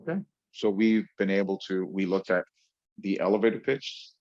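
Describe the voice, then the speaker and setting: A man from New York giving a webinar lecture on public speaking, with frequent fillers and emphatic pauses, over dull lo-fi audio. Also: low-pitched, darkish tone. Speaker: webinar presenter.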